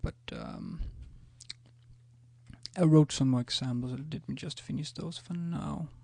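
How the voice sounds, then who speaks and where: A man's voice: on the high side, unhurried, gravelly, a little mellow, slightly rough, no echo, studio quality. A man teaching a language in a casual screencast, hesitant, with many ums and restarts as he types examples. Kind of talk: screencast lesson, typing examples.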